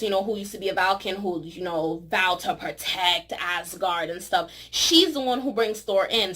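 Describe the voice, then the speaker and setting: Chatty woman gushing over a film. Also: mid-range voice. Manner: chatty, excited, full of "you know" and "like". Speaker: movie reviewer. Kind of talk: casual vlog review.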